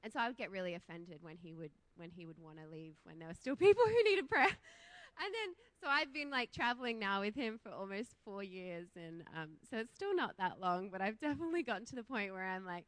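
Lively Australian woman preaching casually. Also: medium pitch, a little fast, dry recording. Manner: chatty, laughs often, self-deprecating. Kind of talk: casual sermon. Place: church.

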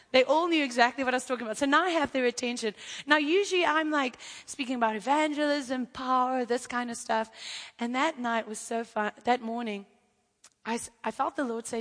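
A woman's voice: a little high, moderate pace, in a large hall. A woman preaching and telling a testimony, acting out the people in her story. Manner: animated storytelling, acting out quotes. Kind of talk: sermon testimony.

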